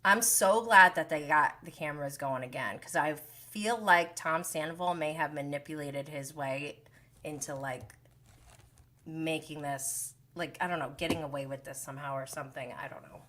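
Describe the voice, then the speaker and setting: A woman hosting a live-stream gossip recap, talking in an animated, sarcastic way with exasperated asides. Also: low-pitched, normal speed.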